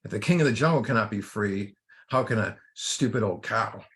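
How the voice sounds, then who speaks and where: Guy putting on a cocky lion, snaps and brags, lowish voice, told like a storybook. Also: normal speed, vocal fry, fairly bright tone. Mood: arrogant. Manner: boastful, snapping. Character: arrogant male lion stuck in mud.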